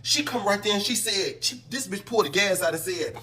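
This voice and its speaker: Animated profane man telling a story. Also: high-pitched, a little fast, hardly any pauses. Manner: animated, profane, acts out quotes. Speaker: storyteller in a clip. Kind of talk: casual storytelling.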